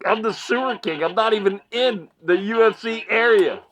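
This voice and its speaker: A man's voice: high voice, moderate pace, fairly bright tone. A man giving mocking commentary in a vlog, laughing often and repeating phrases like a ring announcer. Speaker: online commentary vlogger.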